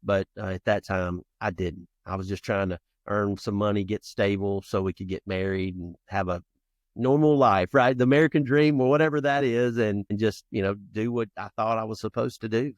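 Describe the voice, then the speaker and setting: A man in his fifties speaks as a podcast guest with a fairly low voice. He tells personal stories earnestly, acting out old scenes with restarts and asides. The sound is dry and close. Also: normal speed, dry recording, highs cut off. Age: 50s. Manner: lively storyteller who acts out childhood scenes. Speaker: podcast guest, founder and youth coach. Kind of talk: conversational storytelling interview.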